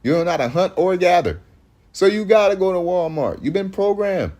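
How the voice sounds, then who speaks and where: A man's voice: high voice, animated, a little fast, a little mellow. A man, preaching in loose street talk that rambles, restarts often and hits points with emphasis.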